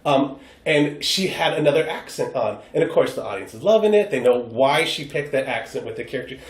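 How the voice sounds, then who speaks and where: Here a guest improv performer from the United States talks briskly in a mid-range voice on a podcast. His storytelling is casual and animated, full of acted-out quoted voices, and the recording sounds roomy and echoey.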